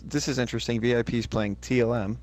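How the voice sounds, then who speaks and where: A man's voice: mid-range voice, fairly even intonation, fast, a little mellow. A man joining a casual podcast as a guest, cracking jokes and teasing the hosts. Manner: wisecracking, teasing.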